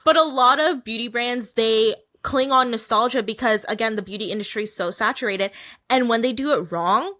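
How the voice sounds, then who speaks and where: A woman guest on a podcast, chatting in an animated, slangy way and laughing often. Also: on the high side, moderate pace. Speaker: guest, brand marketing manager. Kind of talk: casual chat.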